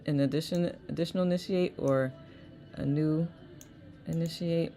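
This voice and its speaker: A woman's voice: rumbling low, gravelly, dark tone. A woman hosting a live online chat, reading viewers' messages aloud and laughing often. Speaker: host.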